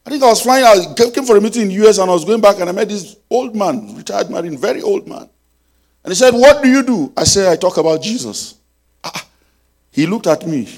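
A man preaching a sermon, telling a story and leading prayer, swinging between loud and soft. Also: high voice, expressive, fairly quick.

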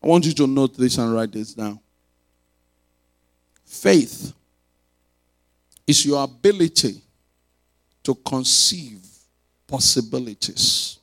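A man's voice: mid-range voice, lively intonation, slow, long pauses, a bit bright. A man preaching a sermon, drawing the congregation into call-and-response and repeating key lines for emphasis. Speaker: pastor.

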